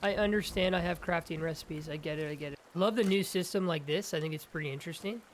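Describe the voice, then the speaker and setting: A young man giving excitable let's-play commentary, chatting to viewers and calling out to his in-game companion. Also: on the high side, fast, slight background noise. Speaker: gaming YouTuber.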